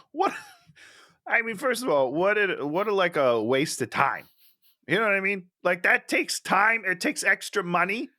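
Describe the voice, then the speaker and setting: A man's voice: high-pitched, sing-song, a little slow, pauses often, bright, forceful tone. A man co-hosting a casual podcast, mocking a movie with sarcastic, mock-incredulous remarks and frequent laughter. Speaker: podcast co-host. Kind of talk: casual movie-roasting chat.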